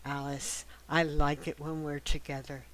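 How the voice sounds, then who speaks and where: A woman reading the lines of an earnest, impatient young male violinist in love, blunt at one moment and hushed and tender at the next. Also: low-pitched, level tone, unhurried, a little hiss or hum, pitched below the performer's own voice, poor audio.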